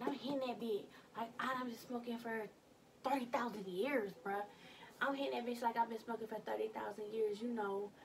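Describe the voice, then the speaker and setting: Young woman rambling thru a storytime in her room, kinda high voice, bit far from the mic w faint hiss. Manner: animated, slangy storytelling with cussing. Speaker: vlogger. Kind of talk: casual storytime vlog. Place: her bedroom.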